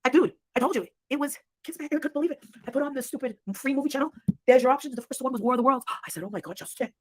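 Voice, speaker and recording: A woman's voice: high-pitched, racing. A woman hosting a casual livestream chat, blunt and swearing freely, often laughing. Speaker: livestream host.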